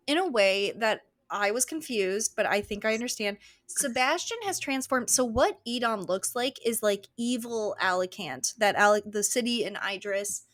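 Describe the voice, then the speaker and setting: A woman's voice: mid-range voice, a bit bright, no room sound, studio quality. A woman co-hosting a podcast, recapping a novel in a chatty, rambling way. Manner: chatty, rambling, swears and laughs. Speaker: podcast co-host. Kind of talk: casual book-recap chat.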